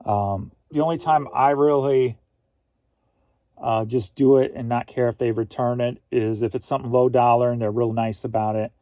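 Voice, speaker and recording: A man's voice: medium pitch, steady tone, normal speed, warm tone, no room sound. Laid-back man chatting about reselling. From Missouri, USA. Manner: rambling, easygoing, reads viewer comments aloud. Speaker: host. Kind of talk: casual livestream chat.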